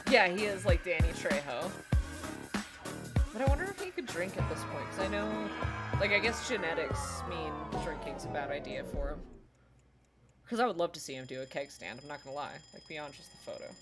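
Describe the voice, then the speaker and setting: A woman's voice: low voice, expressive, brisk, loud music behind the voice. Chatty woman reacting with giggles. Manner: chatty, giggly, thinking aloud. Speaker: reaction video host. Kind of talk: casual reaction commentary. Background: the video she watches playing.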